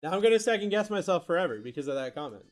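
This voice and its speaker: A man's voice: high voice, big pitch swings, rapid-fire. Chatty man ripping card packs on stream. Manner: rattles off player names, reads chat aloud. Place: live stream setup.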